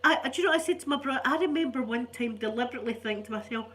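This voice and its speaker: A woman's voice: fairly high pitch, rapid-fire, a bit bright, slight background noise. Chatty older Scottish woman, rambling. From Scotland. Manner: chatty, rambling, laughs often. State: stuffy, unwell. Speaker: ASMR channel host. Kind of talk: casual chat to viewers.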